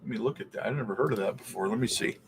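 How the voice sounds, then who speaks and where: Rapid-fire and mid-range in pitch, a Canadian man hosts a casual crypto livestream over slight background noise. He stays relaxed, reading viewer questions and thinking out loud while he looks things up.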